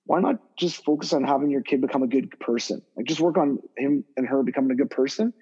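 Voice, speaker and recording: A man, a guest hockey skill development coach, talking casually on a podcast in a rambling, animated way full of fillers and restarts. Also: medium pitch, fast, husky, muffled recording.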